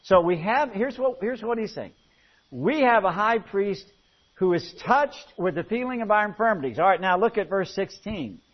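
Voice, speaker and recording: Folksy American preacher, muffled recording. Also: male voice, high voice, moderate pace. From United States. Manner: folksy, animated storytelling with jokes. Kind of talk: sermon with humorous anecdotes. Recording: muffled lo-fi sound.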